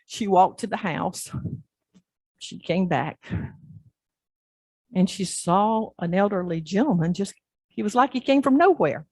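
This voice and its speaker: A woman pastor preaching in church, telling a story in an animated way and acting out the scenes. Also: medium pitch, measured pace, long pauses, husky, no echo. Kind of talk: sermon storytelling.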